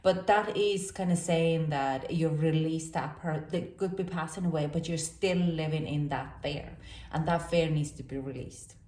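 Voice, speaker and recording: A woman's voice: deep voice, a little slow, a little mellow. A woman speaking as a gives a rambling, chatty tarot reading full of fillers. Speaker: tarot reader. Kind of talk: casual tarot reading to camera. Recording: echoey room, distant from mic.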